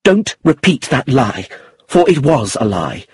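A cool, composed wife speaks in a husky, breathy voice with unhurried, measured phrasing, as a male reader puts her on. The sound is dry and close, with no room around it. The lines move between lively rises and soft drops. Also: mid-range voice, no echo, exaggerated voice. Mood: bitter. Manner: calm and measured, sometimes bitter. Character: composed, cool-headed upper-class wife. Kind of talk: audiobook character reading.

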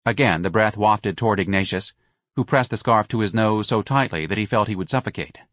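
Low-voiced male audiobook narrator. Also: fairly bright tone, no room sound, clean studio sound. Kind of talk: scripted narration.

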